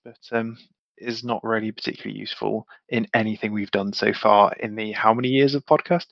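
A man's voice: lowish voice, steady tone, fairly quick, vocal fry, dry recording. Man, tabletop player, stammering, dry close sound, muffled lo-fi recording. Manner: stammering, repeating words. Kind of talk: casual game play chat.

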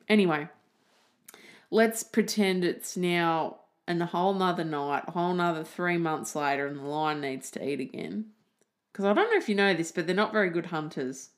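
An Australian woman hosting a podcast, telling a story in a chatty, jokey way and laughing at her own asides. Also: lowish voice. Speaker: podcast host.

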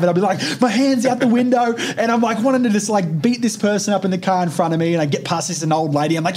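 Speaking fast with few pauses, a twenty-something male podcast host delivers casual, animated motivational talk in a high-sitting, darkish voice. He swears freely and keeps reaching for "like" and "right?".

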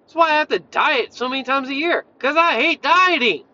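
A man with a high, bright, edgy voice rants as a fitness coach, blunt and swearing freely as he jumps between points. The sound is a little muffled and lo-fi. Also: normal speed. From Tennessee, USA. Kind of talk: profane casual rant.

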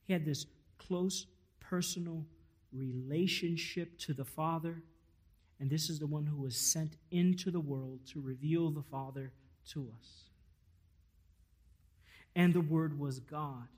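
A male pastor preaching a sermon, stressing key words loudly and then dropping almost to a whisper. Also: fairly high pitch, unhurried. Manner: emphatic, swelling to loud stresses then dropping to near-whispers.

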